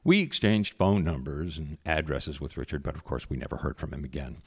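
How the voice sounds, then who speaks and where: A man telling a personal story in a conversational, animated way. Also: very deep voice, brisk, husky.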